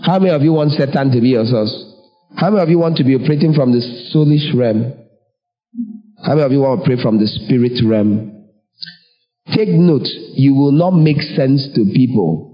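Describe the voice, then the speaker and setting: A man's voice: medium pitch, normal speed, highs cut off, faint music behind. A man preaching a sermon emphatically, asking the congregation rhetorical questions. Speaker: pastor.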